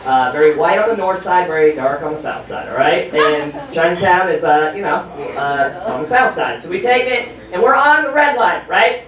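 A man performing a stand-up comedy set on a club stage, animated and profane, shouting his punchlines. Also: fairly high pitch, normal speed, few pauses, crowd noise. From United States. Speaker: stand-up comedian hosting a show. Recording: very echoey club audio, from far off.

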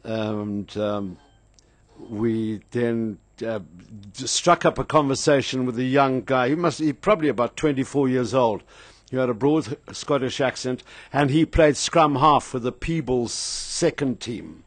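A man's voice: mid-range voice, unhurried, no echo. Older South African man, rambling radio host. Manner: rambling, anecdotal, frequent fillers. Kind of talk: casual radio chat and storytelling. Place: radio studio.

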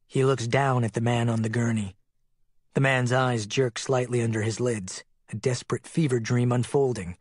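Husky male audiobook narrator. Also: mid-range voice, steady tone, moderate pace, no echo, clean studio sound.

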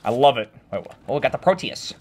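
Excitable man commentating a shooter game. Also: medium pitch, quick pace, a little hiss or hum. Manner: excitable, joking, sudden shouts. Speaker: gaming video creator. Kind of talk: gameplay commentary.

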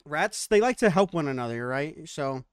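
Man, podcast host, casual chat, jokey, laughs a lot, slightly higher voice. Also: expressive, normal speed, clean tone, no room sound, studio quality. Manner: laughs often, crude joking.

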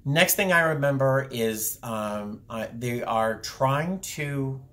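A man's voice: medium pitch, animated, slow pace, fairly bright tone. A young man telling a personal story to his camera in a rambling, casual way, full of fillers and restarts. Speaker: vlogger. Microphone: camera viewfinder, talking to camera.

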